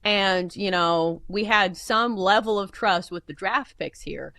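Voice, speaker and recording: A woman's voice: mid-range voice, measured pace, bright, forceful tone, dry recording. A woman co-hosting a show in casual chat, talking expressively and complaining with humor. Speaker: co-host. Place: studio.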